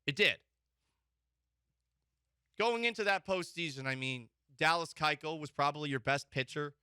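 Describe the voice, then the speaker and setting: A man's voice: on the high side, moderate pace, smooth, no echo, studio quality. A man hosting a sports talk show, opinionated and joking. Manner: animated, mock-emotional, joking.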